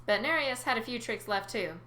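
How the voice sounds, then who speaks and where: A woman's voice: on the high side, lively intonation, fairly quick, bright, forceful tone, slight background noise. A woman reading a first-person adventure story aloud, with chatty asides to her listeners. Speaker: narrator. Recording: roomy recording.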